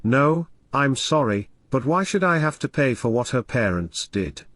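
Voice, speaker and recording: A man's voice: medium pitch, animated, measured pace, a bit bright, no room sound, studio quality. A man voicing a tired, unhappy young mother of three who speaks with weary sarcasm, in an audiobook reading. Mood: bitter.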